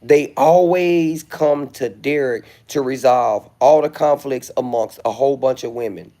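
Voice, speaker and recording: A man's voice: mid-range voice, unhurried, warm tone. A middle-aged man, rambling self-assuredly in a casual livestream monologue, with flashes of indignation. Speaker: livestream host.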